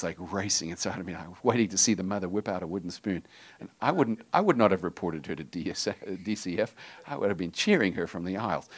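A middle-aged man preaching a sermon as a pastor, talking conversationally with jokey asides and dropping to a hushed, intense tone. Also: sits low.

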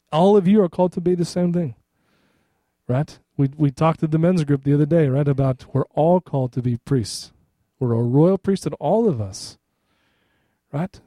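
Middle-aged guy pastor preaching, chatty, keeps checking in with the church, slightly high mellow voice, dry close sound. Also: no echo. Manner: conversational, repeats "right?" to the congregation. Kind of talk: sermon.

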